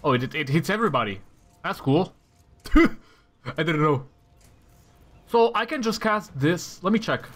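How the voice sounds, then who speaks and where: Over soft background music, a gamer comments casually on his tactical RPG, talking to himself about rolls and swearing at enemies. His voice is high, sing-song, a bit bright, and a little fast.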